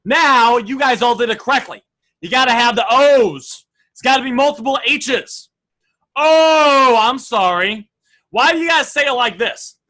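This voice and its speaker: A man coaching a training group through a live online session, energetic and reading out sample messages. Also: very high-pitched, moderate pace, rough recording.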